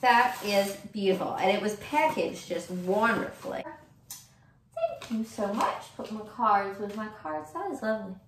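A woman's voice: mid-range voice, lively intonation, background noise. A woman, gushing with delight in a casual vlog. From Virginia, US. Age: 30s. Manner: effusive, gushing, slow and drawn-out. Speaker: vlogger. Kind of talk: casual gift-opening vlog. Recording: roomy echo.

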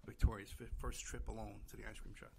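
Gravelly husky man telling a story. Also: on the low side, flat delivery, fast, dark tone. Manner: rambling, many "you know" fillers, acts out quoted voices. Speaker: podcast host. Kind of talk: casual storytelling.

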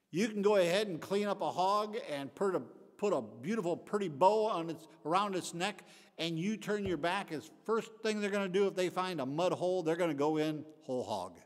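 An older man, the pastor, teaching a Bible study in a folksy preaching style, rising to emphatic bursts and then dropping to quiet asides. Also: on the high side. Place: church sanctuary. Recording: long echoey hall reverb.

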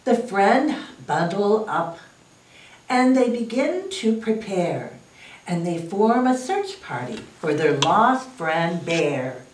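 Lively librarian reading storytime, echoey room. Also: female voice, medium pitch, slow pace. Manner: lively, expressive read-aloud, inviting kids to join in. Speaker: children's librarian. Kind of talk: reading a picture book aloud at storytime. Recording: roomy, distant mic.

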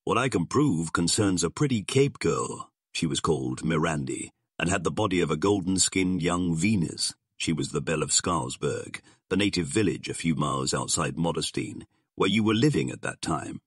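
A man's voice: sits low, lively intonation, normal speed, breathy edge, no room sound, clean studio sound. A man voicing a sardonic male gangster boss who drawls his threats in slang. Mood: menacing.

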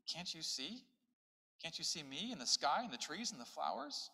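A man voicing a kind, gentle young girl pleading in a read-aloud story. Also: fairly high pitch, big pitch swings, normal speed, gravelly, breathy edge, in a large hall, voice pushed up, heavily acted.

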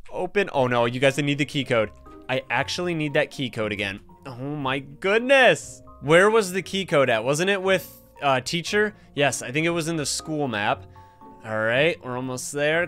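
A man giving live gameplay commentary as a gaming creator, excitable and talking to the game's characters and to his viewers. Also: on the high side, clear, resonant tone. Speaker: gaming YouTuber.

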